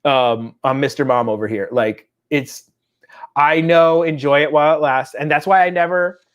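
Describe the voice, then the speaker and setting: A man in his thirties co-hosting a casual chat show, telling animated family stories and slipping into quick impressions. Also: fairly high pitch, highs cut off. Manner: chatty, animated storytelling with voiced impressions. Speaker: podcast co-host.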